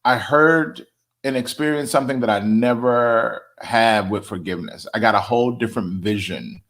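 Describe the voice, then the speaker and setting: A man hosting a devotional show, preaching casually and emphatically, repeating phrases for weight and using relaxed slang. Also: medium pitch. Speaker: host and preacher.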